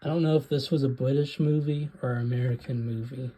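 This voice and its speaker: Man, casual movie rant, monotone, mellow low-key voice, hesitant. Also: fairly quick, slightly rough, poor audio. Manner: rambling, hesitant, many ums. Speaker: video host. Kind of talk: casual rant about films.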